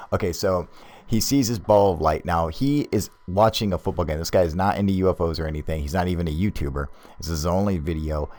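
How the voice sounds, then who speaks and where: A man giving casual, profane, excitable commentary on video clips as the host. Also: deep voice.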